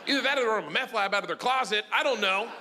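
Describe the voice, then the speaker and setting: A man doing a stand-up comedy set, telling stories in a loud, animated, profane way. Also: sits high, racing, slight background noise. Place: comedy stage before a live audience.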